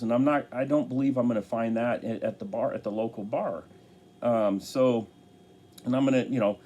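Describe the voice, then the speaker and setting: An earnest man talks to camera, offering life encouragement in a halting way and restarting his sentences often. His voice is mellow and sits at a middle pitch. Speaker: motivational speaker. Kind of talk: motivational talk to camera.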